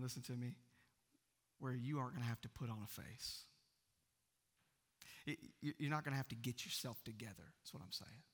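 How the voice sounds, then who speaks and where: Bright-voiced pastor preaching. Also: male voice, fairly high pitch, big-room sound. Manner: swings from loud proclaiming to hushed near-whispers. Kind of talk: sermon.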